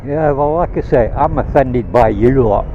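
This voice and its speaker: Riding his motorbike outdoors, a man from Rhodesia, now Zimbabwe, vents in a blunt, swearing rant for his vlog, using a mid-range voice at a moderate pace. The helmet-mic recording is lo-fi with a little hiss or hum.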